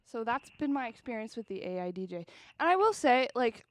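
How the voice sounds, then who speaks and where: A young woman co-hosting a podcast, telling stories in a casual, animated way and laughing often. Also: fairly high pitch, a little fast. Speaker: podcast co-host. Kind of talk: casual chat.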